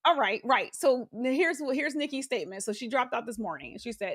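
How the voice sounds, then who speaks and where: Animated woman joking through political talk. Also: on the high side, a little fast. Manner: animated, laughs often, swears, reads quotes aloud. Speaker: podcast co-host. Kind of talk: casual political chat.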